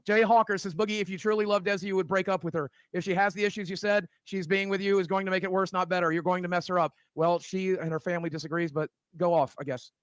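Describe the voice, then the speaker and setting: A man's voice: high-pitched, steady tone, quick pace, few pauses, smooth, dry recording. A man co-hosting a live stream, reading viewer comments aloud in a blunt, dry way with swearing.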